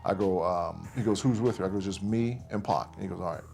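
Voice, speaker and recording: A man's voice: sits low, quick pace, a little mellow. Man telling a story over music. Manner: recounts events in present tense, voicing others' lines. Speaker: interviewee recounting events. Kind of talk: casual storytelling. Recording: clear music bed under voice.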